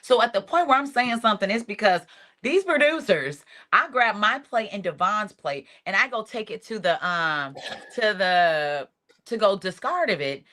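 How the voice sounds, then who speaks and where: A woman tells a story in a casual interview. Her talk is animated, and she acts out what others said as she goes. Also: medium pitch, normal speed. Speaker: reality show cast member, guest.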